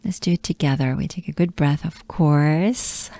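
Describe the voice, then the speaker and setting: A woman from France with a French accent, patiently coaching pronunciation and repeating words slowly with soft breathy asides. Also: sits low, no room sound. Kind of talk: slow pronunciation lesson.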